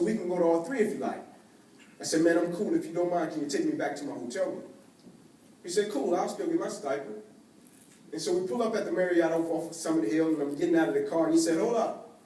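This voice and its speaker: Man, storytelling keynote, high voice, distant mic in a big reverberant hall. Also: quick pace. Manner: acts out quoted voices, swings from hushed to excited. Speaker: motivational speaker. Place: large event hall. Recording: echoey hall from far off, faint noise.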